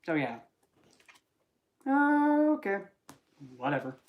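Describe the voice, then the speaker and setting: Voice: medium pitch, very animated, slow, phone-quality sound. Rambling, joking tarot vlogger. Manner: rambling, joking, self-interrupting. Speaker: tarot reader. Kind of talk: casual tarot reading vlog.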